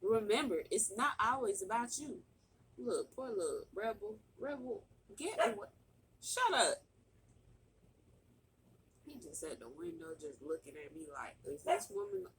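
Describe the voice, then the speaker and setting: A woman vlogger chatting slowly and easily to her viewers from home. She talks in a relaxed drawl and turns dramatic when she is joking. A faint hiss of room noise sits behind her voice. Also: medium pitch. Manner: dramatic, pleading to the Lord in a sing-song wail. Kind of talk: casual mukbang chat. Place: indoors at home.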